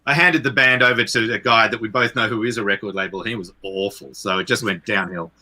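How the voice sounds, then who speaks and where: A man with a low but very bright, forceful voice, a composer guesting on a podcast. He tells stories in a rambling, self-deprecating way, stopping and restarting often. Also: fast talker. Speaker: composer and producer, interview guest. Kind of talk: casual storytelling.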